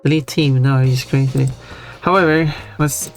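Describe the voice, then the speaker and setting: At a normal speed and an extremely low pitch, a female streamer chats casually over game music as she looks through options. Her gameplay commentary is relaxed and chatty, broken up by frequent laughs.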